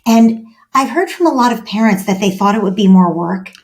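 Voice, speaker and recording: A woman who is a parenting expert, speaking as a guest in a podcast interview. She speaks in an animated way and acts out little parent-child scenes. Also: mid-range voice, brisk.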